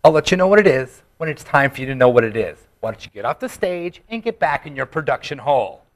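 A man's voice: medium pitch, sing-song, fast talker, natural voice. A man acting as a rude, snooty male show diva in a comedy sketch. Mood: snide. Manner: snide, insulting.

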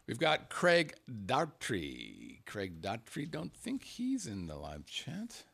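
A man's voice: mid-range voice, huge pitch swings, slow, gravelly, fairly bright tone, breathy edge. A middle-aged man hosting a casual live stream, reading out contest entries with crude jokes. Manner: joking, profane, reads names in a sing-song way. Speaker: show host.

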